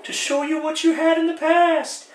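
A man voicing a towering female ghost of the past in a lofty, drawn-out falsetto, in a one-man comedic radio play. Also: level tone. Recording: roomy echo, distant mic.

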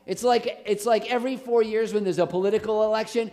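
A man with an American accent, a pastor preaching a lively, jokey sermon in a church on a handheld mic. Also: sits high, fairly quick, hardly any pauses. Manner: animated, jokey, rising to shouts on quotes. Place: church sanctuary. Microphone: handheld microphone, later switched off.

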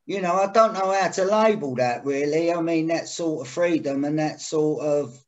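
A male podcast host who rambles, hunting for words through fillers and restarts. His voice sits a little high, and the recording sounds muffled and lo-fi. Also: normal speed. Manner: rambling, hesitant, many fillers. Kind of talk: casual podcast interview.

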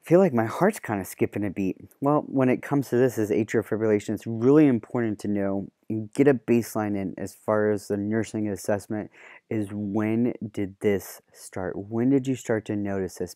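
A man lectures nursing students in a relaxed, conversational way, explaining with everyday analogies. His voice sits fairly low and sounds dark and mellow. It is recorded close and dry, with no room sound. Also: no echo. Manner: relaxed explanatory, uses homespun analogies, fillers. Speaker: nursing and paramedic instructor. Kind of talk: classroom lecture.

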